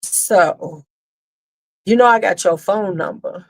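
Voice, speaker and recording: A woman's voice: mid-range voice, takes it slowly. Blunt, chatty woman livestreamer. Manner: blunt, profane, answers chat comments. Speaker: beauty channel host. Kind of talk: casual livestream chat.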